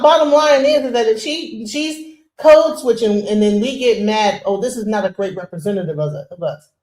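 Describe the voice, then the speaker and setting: A woman hosts a casual commentary stream, animated and emphatic, dropping into mocking impressions. Her voice is a bit high and rings in an echoey room. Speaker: host.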